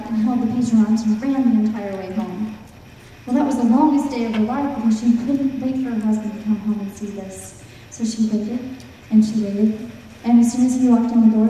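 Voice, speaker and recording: A woman's voice: fairly high pitch, mellow, a little hiss or hum. A woman telling a folk tale to a live audience, with playful, teasing asides to the listeners. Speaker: storyteller. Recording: echoey hall from far off.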